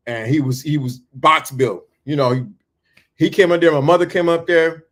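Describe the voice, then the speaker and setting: A man telling a story in a talk, animated and full of stammering restarts. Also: fairly high pitch, moderate pace. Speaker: speaker.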